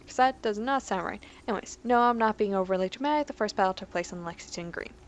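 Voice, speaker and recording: A woman's voice: mid-range voice, fast talker, few pauses, slight background noise. A woman hosting a let's play, reading in-game history entries aloud with joking asides and frequently tripping over her words. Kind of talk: casual gameplay commentary.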